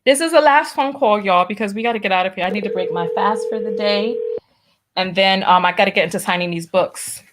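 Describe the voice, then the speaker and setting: A woman's voice: mid-range voice, a little fast, slight background noise. A woman hosting a live-stream talk show, reading out donations with a sassy, teasing, playfully scolding manner. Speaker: host.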